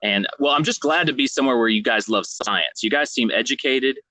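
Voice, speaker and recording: Bright-voiced man, earnest guest. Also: mid-range voice, fairly quick. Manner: earnest, hesitant, repeats words. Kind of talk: casual online debate chat. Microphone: video call.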